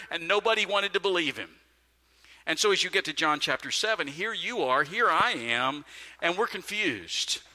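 A middle-aged man preaching a sermon in a church auditorium, with an emphatic, animated delivery that swings to sudden quiet drops. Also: sits high. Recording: long reverb of a large hall.

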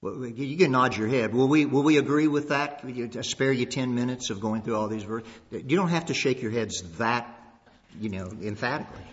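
A man's voice: medium pitch, brisk. A male pastor preaching a sermon, earnest, often repeating words as he stresses a point. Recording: long reverb, dull lo-fi sound.

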